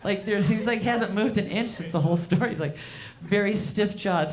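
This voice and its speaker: A woman performing a stand-up comedy set, deadpan and profane, riffing with the crowd from a club stage. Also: mid-range voice, moderate pace.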